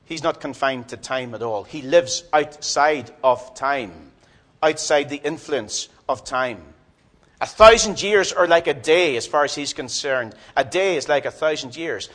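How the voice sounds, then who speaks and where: A man preaching a sermon in a church, swinging from loud emphatic lines to soft, low ones.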